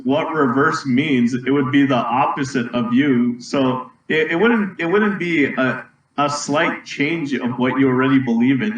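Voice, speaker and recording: A man's voice: mid-range voice, fairly bright tone, distant mic, highs cut off. Young man teasing in an echoey room. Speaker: podcast co-host. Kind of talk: casual chat. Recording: roomy echo, away from the mic.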